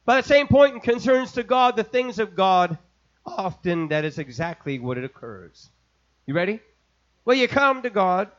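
A man preaching an impassioned sermon, building from quiet storytelling to shouting. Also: high-pitched, sing-song, normal speed, lo-fi sound. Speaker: pastor.

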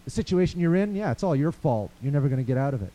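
High-voiced fervent male preacher. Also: lively intonation, rapid-fire, dull audio. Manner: builds from hushed to loud fervent declarations. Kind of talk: sermon.

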